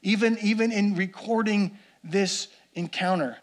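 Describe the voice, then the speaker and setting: A man delivers a sermon in a fairly high voice. He is earnest and builds his points through repetition. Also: unhurried. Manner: earnest, repeats phrases for emphasis. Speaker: pastor.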